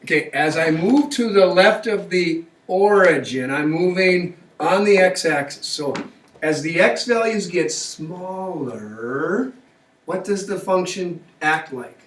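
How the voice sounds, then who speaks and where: A man whose voice sits high teaches math slowly and with animation, drawing students along through frequent check-in questions. This classroom lecture was recorded with a distant mic in an echoey room.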